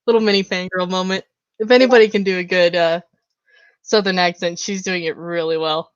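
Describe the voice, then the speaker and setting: A woman's voice: lowish voice, fairly even intonation, fairly quick, clear, resonant tone, no room sound, muffled recording. A woman running a tabletop game as game master, talking casually and chattily and apologizing often.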